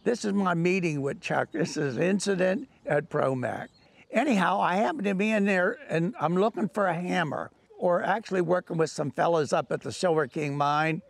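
Older male storyteller, high gravelly voice, folksy and rambling. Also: normal speed. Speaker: author and storyteller. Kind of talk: telling an anecdote.

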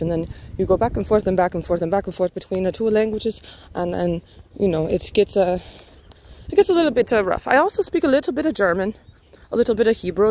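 A woman's voice: mid-range voice, dark tone, a little hiss or hum, low-quality recording. A woman from the United States rambling and chatting to herself as she walks a residential street for a vlog, laughing often. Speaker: vlogger. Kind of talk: casual walking vlog. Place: outdoors on a residential street, walking.

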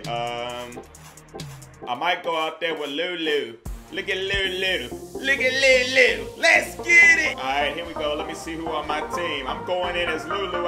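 A man giving excitable, slangy commentary while playing a basketball video game, talking to the players on screen. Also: high voice. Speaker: gaming YouTuber. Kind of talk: casual gameplay commentary. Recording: roomy echo with game music behind.

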